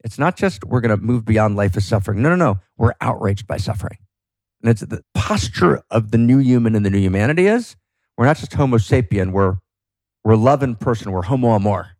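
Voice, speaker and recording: A man with a fairly low, slightly mellow voice and lively intonation speaks a little fast as a podcast guest. Passionate and emphatic about philosophy, he often checks in with "right?". No echo.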